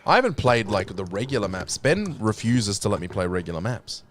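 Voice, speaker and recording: A man streaming a game, chatting casually with a teasing, sweary, deadpan manner. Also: lowish voice, brisk. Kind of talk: casual gaming chat.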